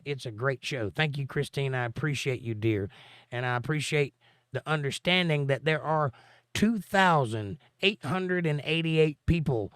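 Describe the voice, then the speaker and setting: A man's voice: mid-range voice, a bit bright, clear, resonant tone, no echo. A man hosting a livestream, reading viewer comments aloud and answering them with dry, sarcastic jokes. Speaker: livestream host.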